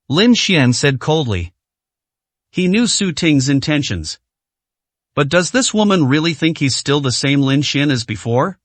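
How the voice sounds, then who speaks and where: A man narrating a dramatic story in a scripted, expressive reading. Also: fairly high pitch, a little slow, no echo.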